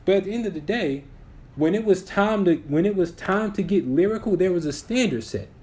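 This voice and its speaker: A man's voice: high-pitched, expressive, brisk, a little mellow. A man in his twenties co-hosting a podcast, casually arguing his opinions and restarting sentences as he builds his points. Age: 20s. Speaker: podcast co-host. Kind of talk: casual chat.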